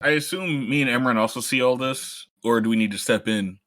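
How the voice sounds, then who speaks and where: A man playing a tabletop game, quick and emphatic in his asides. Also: medium pitch, fairly bright tone. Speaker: player. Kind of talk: casual tabletop play.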